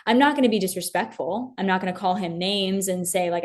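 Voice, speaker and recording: A woman's voice: medium pitch, fairly quick. A young woman as an interview guest, talking earnestly and from the heart about her faith, with many fillers and restarts. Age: young adult.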